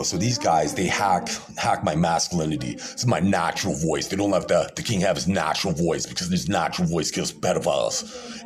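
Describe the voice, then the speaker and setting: A man talking straight to camera in a rambling monologue, boastful, profane and combative, often restarting his phrases. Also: deep voice. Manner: repeats himself, restarts phrases. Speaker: video creator.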